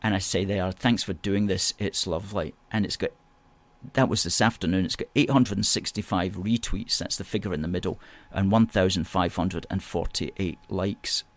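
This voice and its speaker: Lower-voiced man hosting a chat show. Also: normal speed. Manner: emphatic, repeats phrases and agreement words. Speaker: host. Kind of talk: live chat show reading out viewer comments.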